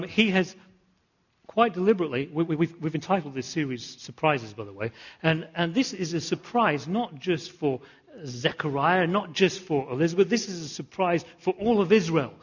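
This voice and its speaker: Husky man preaching a sermon. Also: fairly high pitch, lo-fi sound. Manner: animated, repeats phrases, asks the congregation questions. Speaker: pastor. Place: church.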